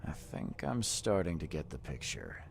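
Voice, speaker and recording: Charles Reed, gravelly detective. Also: male voice, wildly swooping pitch, moderate pace, slight background noise, exaggerated voice. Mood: dry. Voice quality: deep, gravelly. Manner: terse, dry observations. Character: weary gruff male 1920s private investigator. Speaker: game protagonist.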